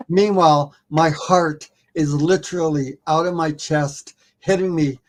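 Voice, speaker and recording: A man, a documentary filmmaker, telling a story as a podcast guest in a casual, animated way, poking fun at himself and swearing offhandedly. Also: a little high, a little slow.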